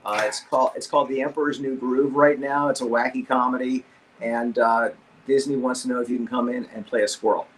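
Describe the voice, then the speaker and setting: Middle-aged male voice actor, guest on a video call, middle pitch, lively storyteller who acts out every quote. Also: fairly quick, slight background noise. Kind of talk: casual anecdote on a video call.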